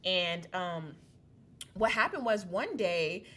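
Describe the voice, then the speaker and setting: A young adult woman telling her personal testimony as a guest in a casual, animated way, often laughing and acting out voices. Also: lowish voice, slow. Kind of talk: casual storytelling.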